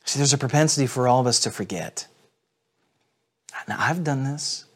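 A man's voice: mid-range voice, normal speed, slightly rough. A male pastor preaching a sermon to people watching online, in an earnest, direct manner. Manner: earnest, direct address with repetitions.

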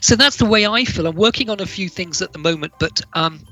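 A man's voice: high-pitched, a little fast, pushed and bright, faint music behind. A man, a guest author on a live radio show, chatting eagerly and reading his poems aloud. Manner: enthusiastic, chatty storyteller. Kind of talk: casual radio chat and poetry reading.

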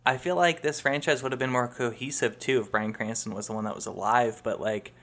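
A man's voice: mid-range voice, fairly even intonation, fairly quick, a bit bright. A man co-hosting a podcast in a rambling, casual chat, laughing often and filling with "like.". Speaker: podcast co-host.

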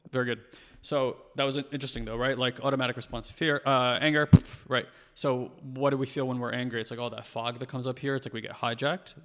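A man in his thirties, a podcast guest in casual conversation, talking fast and animated with lots of fillers. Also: medium pitch, in a large hall.

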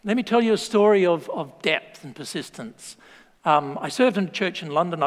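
Australian preacher in an echoing hall. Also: male voice, sits high, normal speed. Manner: lively storytelling with laughs and asides. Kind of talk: sermon. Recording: long hall reverb.

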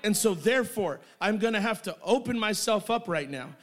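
High-pitched middle-aged man preaching with fire in church. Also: expressive, moderate pace. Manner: impassioned, building to shouting. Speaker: pastor. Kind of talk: sermon. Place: church sanctuary.

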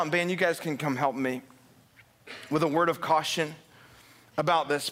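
A man preaching a sermon as pastor, energetic, building to fired-up emphasis and asking the congregation questions. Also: on the high side. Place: church sanctuary.

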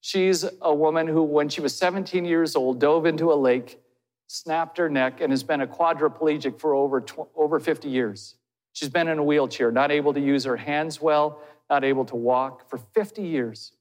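A man's voice: a little high, steady tone, moderate pace, darkish tone. Earnest preaching man in a reverberant hall. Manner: earnest, asks the listeners direct questions. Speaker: pastor. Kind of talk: sermon. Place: church hall.

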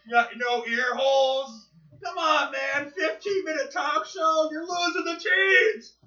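A man voicing an exasperated male cartoon superhero talk-show host, shouting in a high, drawn-out voice. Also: fairly even intonation, recorded from a distance, full character voice. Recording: roomy, muffled podcast recording.

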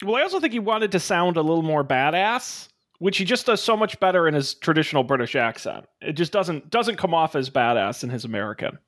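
A man's voice: a little high, very animated, a little fast, hardly any pauses, fairly bright tone. A man co-hosting a podcast, chatting casually and teasing his co-host with playful intros.

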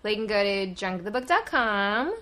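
A woman's voice: mid-range voice, lively intonation, normal speed, pushed and bright. A young woman co-hosting a podcast, chatting casually with a playful, giggly manner. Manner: giggly, playful, laughs often. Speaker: podcast co-host. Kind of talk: casual chat.

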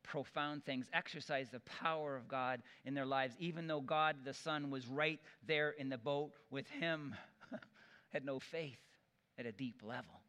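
A man preaching a sermon, telling stories and acting out the quoted voices with lively energy. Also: medium pitch, unhurried, smooth, big-room sound. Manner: animated storytelling with acted-out quotes.

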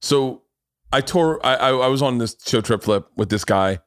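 A man hosting a podcast in casual chat, telling stories in an animated way with frequent swearing and laughter. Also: medium pitch, normal speed, no echo, studio quality. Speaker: podcast host.

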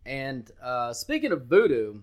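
A man co-hosting a sports betting podcast, talking loudly and brashly with lots of swearing and hype. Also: mid-range voice, huge pitch swings, a little slow. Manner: loud, brash, profane and hyped. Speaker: podcast co-host.

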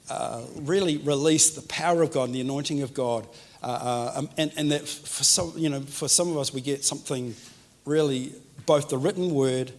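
Joking New pastor, slightly high voice. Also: male voice. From New Zealand. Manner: chatty and joking, addresses the crowd directly. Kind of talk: sermon. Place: church hall with congregation.

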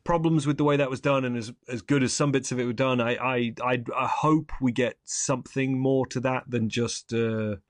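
A man's voice: mid-range voice, fairly even intonation, normal speed, hardly any pauses, dry recording. A young man co-hosting a casual film review chat, rambling and correcting himself with wry asides. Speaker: podcast co-host.

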